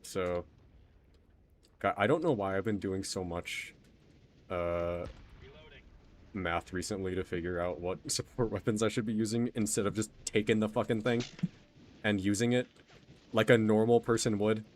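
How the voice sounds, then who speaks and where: Rambling young man from Texas, low voice. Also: steady tone, slight background noise. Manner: rambling, self-deprecating, quick to apologize. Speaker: streamer. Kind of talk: casual gaming stream chat.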